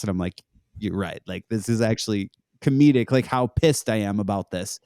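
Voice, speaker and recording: A man's voice: on the low side, a little fast, warm tone, clear, resonant tone, no echo, clean studio sound. A young man, a podcast guest, chatting casually and telling stories in a laid-back way, laughing often. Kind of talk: casual chat.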